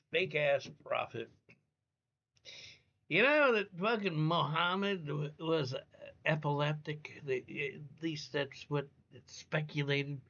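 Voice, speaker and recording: A man's voice: medium pitch, gravelly, a bit bright, dull audio. A man ranting live on a stream, blunt, heated and profane. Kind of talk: live reaction rant.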